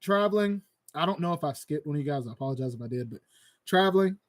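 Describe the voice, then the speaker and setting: An excitable man hosts a casual call-in chat, his voice sitting high and sounding dry and close. He laughs often and trips over his words as he goes. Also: fast talker, dry recording. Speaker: host.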